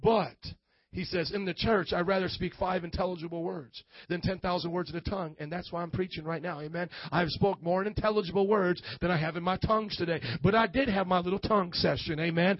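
A man preaching a lively, playful sermon as a pastor, dropping in frequent amens. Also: sits high, brisk, no room sound, highs cut off.

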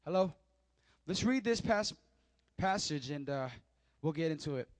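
High-voiced man preaching a lively sermon. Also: measured pace, no room sound. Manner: animated preaching, swinging between hushed asides and loud emphatic lines. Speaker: pastor. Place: church service.

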